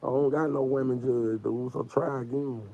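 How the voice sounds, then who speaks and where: A man's voice: medium pitch, steady tone, moderate pace, warm tone, no room sound, lo-fi sound. A man, crying and rambling in an emotional, profane livestream rant. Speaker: man under investigation speaking on a livestream.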